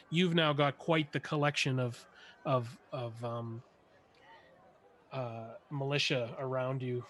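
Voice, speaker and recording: A man narrating a tabletop game as game master, halting with restarts and fillers. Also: a little high, bright, forceful tone. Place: home streaming setup.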